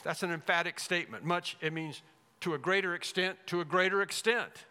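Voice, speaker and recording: A man preaching an expository sermon as pastor, emphatic, rising loud then dropping to a hush. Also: high voice, fairly quick, smooth. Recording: long reverb of a large hall.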